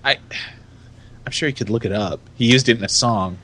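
An American man hosting a casual podcast, teasing his co-host with quick jokes. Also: mid-range voice, pushed and bright. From United States. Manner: jokey, teasing, quick asides. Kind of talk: casual chat.

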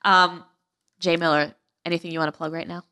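A brash woman hosts a casual podcast chat, joking and swearing freely. Her voice sits fairly low for a woman, but its tone is bright and forceful. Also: level tone, fairly quick, smooth. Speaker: podcast host.

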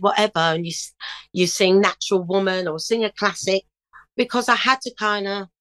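A middle-aged woman telling stories in a casual interview, lively, breaking into bits of song. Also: mid-range voice, no echo, low-quality recording. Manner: animated storyteller, bursts into snatches of song. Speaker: guest singer.

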